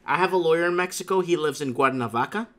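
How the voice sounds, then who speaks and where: A man's voice: on the high side, quick pace, sharp tone. A man hosting a casual talk show, telling stories emphatically and circling back to the same catchphrases. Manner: emphatic storytelling with repeated catchphrases. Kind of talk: casual chat.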